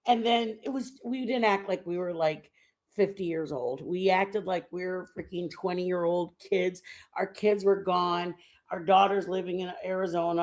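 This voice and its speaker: A middle-aged woman from the United States rambles on a live stream, chatting loosely with her viewers. She sits at a middling pitch, and her talk wanders from one aside to the next. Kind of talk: casual chat.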